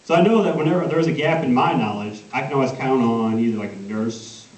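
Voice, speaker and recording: A man's voice: mid-range voice, a little fast, a little mellow. A man doing a stand-up routine, telling stories and puns and laughing at his own jokes. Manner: punny storytelling with self-deprecating laughs. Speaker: stand-up comedian, pharmacy student. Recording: roomy hall, distant mic, hiss.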